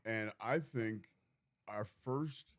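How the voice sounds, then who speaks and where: Low-voiced man rambling loosely on a podcast. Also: slow pace, noisy background. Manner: loose and rambling, full of "you know what I mean". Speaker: podcast co-host. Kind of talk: casual comedy podcast chat.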